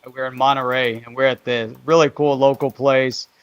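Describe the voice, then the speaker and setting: A man co-hosting a live online show, telling a travel story in a relaxed, easygoing way. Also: mid-range voice, a little fast, over a noisy crowd. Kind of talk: casual storytelling chat.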